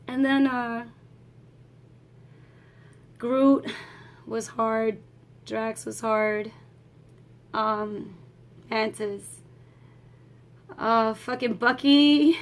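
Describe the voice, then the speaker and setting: A woman's voice: a little high, steady tone, extremely slow, long pauses. A woman giving a casual, emotional movie review vlog, swearing freely and laughing as she talks.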